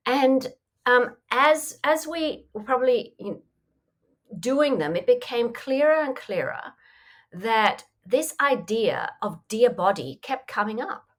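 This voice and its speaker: A woman's voice: on the high side, lively intonation, slow. A woman coach answering interview questions in a reflective, conversational way, often saying "you know". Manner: reflective, acts out inner voices in quotes, frequent "you know". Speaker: mindfulness coach, podcast guest.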